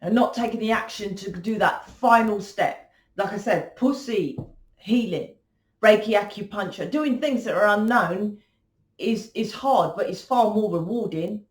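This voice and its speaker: A woman's voice: medium pitch, measured pace. A woman giving a blunt, confrontational tarot reading, swearing freely and lecturing the listener. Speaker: tarot reader. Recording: echoey room.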